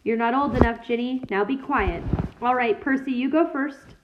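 A woman voicing a kind, bustling mother of many sons in a storybook reading, brisk and reassuring. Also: a little high, noisy background, natural voice. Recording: tinny phone-like sound.

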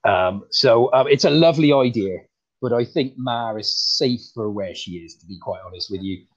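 A man voicing a bumbling rural farmer comedian with a rural English accent, talking in a halting, stammering, folksy way. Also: medium pitch, natural voice. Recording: dull lo-fi sound.

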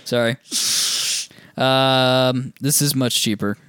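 A man's voice: mid-range voice, fairly even intonation, slow, fairly bright tone, clean tone, no room sound, clean studio sound. A man co-hosting a podcast in casual chat, joking and teasing, swearing freely. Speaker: podcast co-host.

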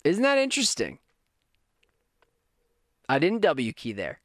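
A man in his thirties from Canada, telling a personal story to his viewers in a casual, animated, self-deprecating way. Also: fairly high pitch, a little slow, no echo, clean studio sound.

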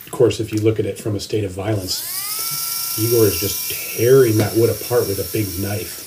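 A man's voice: lowish voice, steady tone, brisk, background noise. A man in casual chat, rambling playfully as he retells a children's story. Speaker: podcast co-host. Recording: loud music under voice.

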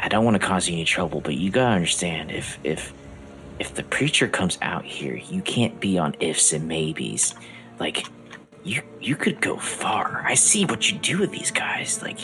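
A man doing a nervous hushed cult recruiter. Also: low voice, very animated, normal speed, faint music behind, pitched below the performer's own voice, exaggerated voice. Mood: nervous, urgent. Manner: hushed, urgent, leaning in close.

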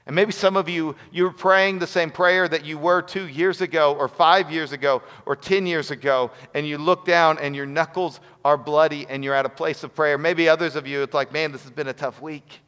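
A man's voice: a little high, steady tone, normal speed, few pauses, fairly bright tone, clear, resonant tone. A man giving a sermon as a pastor, earnest and storytelling. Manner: earnest, storytelling with acted quotes. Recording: long hall reverb.

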